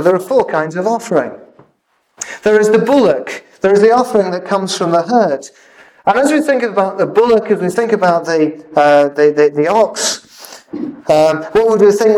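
Earnest male preacher, high-pitched, halting delivery, miked from a distance. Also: expressive, darkish tone. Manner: earnest, halting with repeated fillers. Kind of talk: sermon.

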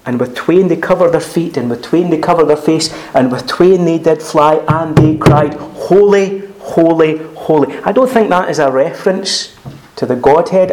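A man delivering an expository sermon in a somewhat high-pitched voice. He speaks earnestly and emphatically. He pauses between phrases and repeats his words for weight. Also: darkish tone. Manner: frequent pauses and restarts, clears throat. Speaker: preacher.

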